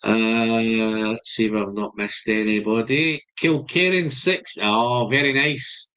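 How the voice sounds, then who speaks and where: A man's voice: fairly low pitch, steady tone, slow pace, pushed and bright, smooth. A Scottish man hosting a live stream, chatting casually and greeting viewers by name. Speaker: whisky channel host.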